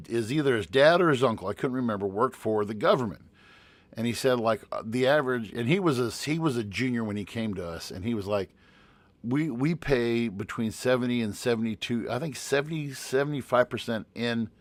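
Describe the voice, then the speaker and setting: His mid-range voice comes through with no room sound as he co-hosts an easygoing podcast. By trade he's a teacher, and he stumbles and restarts repeatedly while going through numbers, rambling all the while.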